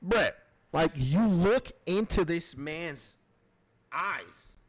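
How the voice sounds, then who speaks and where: A man hosting a casual livestream, talking in an animated, profane way and leaning on "like" as filler. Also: fairly high pitch, drawn-out words, low-quality recording. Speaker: livestream host.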